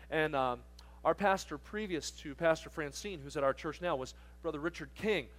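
Joking, firm camp preacher man. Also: a little high. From southern New Jersey. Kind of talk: sermon to teens.

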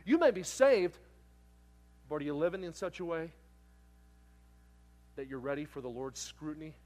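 A middle-aged male preacher with a fairly high voice tells a story from the pulpit. He acts out the voices in it and swings from loud, excited bursts down to soft, tender moments. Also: moderate pace. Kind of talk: sermon with storytelling.

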